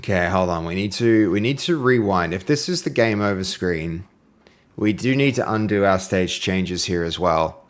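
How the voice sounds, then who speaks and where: A man's voice: deep voice, animated, moderate pace. A man streaming his game development live, thinking aloud with many "um" fillers and answering viewer chat.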